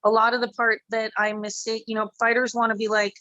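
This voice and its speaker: A woman's voice: on the high side, flat delivery, brisk, bright, forceful tone, no echo, muffled recording. A woman MMA fighter in a casual interview, rambling, candid and swearing freely.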